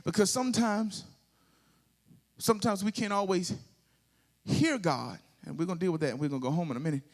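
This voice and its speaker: A man's voice: high voice, a little fast. A male pastor with a Southern US accent preaching a sermon, drawing call-and-response from the congregation and building to sung, rising climaxes.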